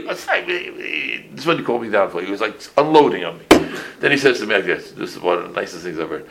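A rabbi in his sixties gives a casual halacha class packed with stories, speaking fast and animatedly with many restarts and Yiddish phrases. His medium-pitched voice is gravelly, and the recording is rough.

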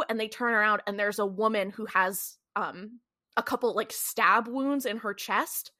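Bright-voiced woman recapping casually. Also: mid-range voice, steady tone, unhurried. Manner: chatty, peppered with "like", swears freely. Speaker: podcast co-host.

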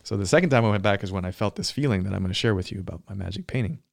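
A man speaks in a somewhat low voice, slowly recounting a personal experience in relaxed conversation. He pauses and restarts as he searches for words. The sound is dry and close, with little room behind it. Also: creaky, dry recording. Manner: reflective, searching for words, frequent fillers. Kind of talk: casual storytelling conversation.

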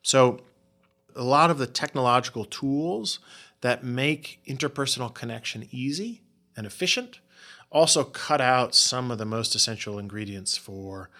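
A man being interviewed as a researcher, explaining his findings in an animated way and often restarting words. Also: medium pitch, moderate pace. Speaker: guest researcher. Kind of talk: interview answers.

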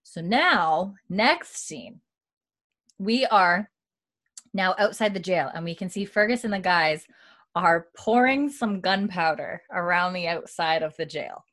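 A woman co-hosting a podcast, casually retelling a TV episode, scattering likes and ums and quoting lines quietly. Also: on the low side, takes it slowly, dry recording. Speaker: podcast co-host recapping a TV episode. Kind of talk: casual recap chat.

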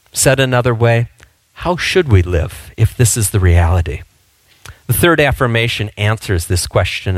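A man's voice: medium pitch, dry recording. A male pastor preaching a sermon in a conversational, storytelling way, with frequent fillers and restarts.

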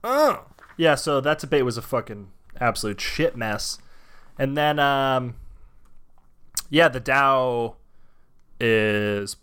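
A man's voice: medium pitch, expressive, slow, long pauses, a bit bright, smooth. A young man in casual podcast chat, swearing constantly and talking emphatically. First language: English. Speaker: podcast co-host.

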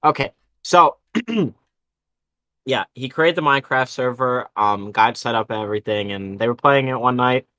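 Young man, podcast co-host, bright tone, dry close sound, rambling casual story. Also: medium pitch, normal speed, no room sound. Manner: rambling storyteller, swears freely. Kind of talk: casual chat.

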